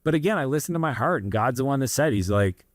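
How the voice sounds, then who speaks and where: A man's voice: mid-range voice, lively intonation, quick pace, no room sound, studio quality. A man in his thirties from Canada, a guest in an interview, telling his story in an earnest, rambling way with many asides. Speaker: guest entrepreneur.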